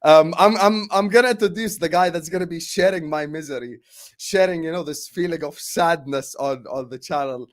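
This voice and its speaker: A man's voice: a little high, moderate pace. A young man hosts a football fan show in a casual, mock-dramatic, repetitive way. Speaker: football channel host. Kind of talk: casual fan podcast chat.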